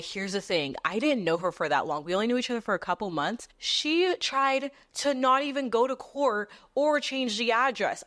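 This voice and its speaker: Candid, swearing young woman podcaster. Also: medium pitch. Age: 20s. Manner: candid, profane, animated storyteller. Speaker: podcast host. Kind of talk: casual storytelling monologue.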